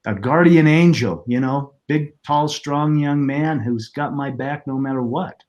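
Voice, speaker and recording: Middle-aged male guest, earnest and reflective, halting delivery, mid-pitched voice. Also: a little mellow, lo-fi sound. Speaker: podcast guest, author. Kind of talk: personal storytelling in interview.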